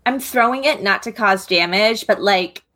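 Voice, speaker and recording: A woman's voice: mid-range voice, moderate pace, pushed and bright. A woman playing a tabletop game, talking animatedly and laughing often. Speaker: player. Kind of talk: casual game talk.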